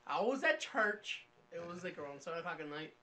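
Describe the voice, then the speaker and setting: High-voiced man telling a story. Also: a little fast, a crowd in the background. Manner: animated, loud when acting out his story. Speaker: podcast co-host. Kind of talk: casual storytelling among friends.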